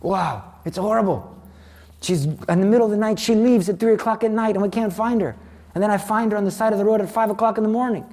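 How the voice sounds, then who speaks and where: A man's voice: high voice, fast talker, a little mellow. A man giving a personal faith testimony as a Catholic speaker, telling his story in an earnest, dramatic way.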